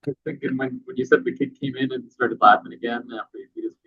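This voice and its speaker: A man's voice: medium pitch, steady tone, fast, breathy edge, highs cut off. A man interviewing a guest, tossing in short acknowledgments and playful jokes. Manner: brief backchannels, jokey asides. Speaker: interviewer, comic creator. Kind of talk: casual interview.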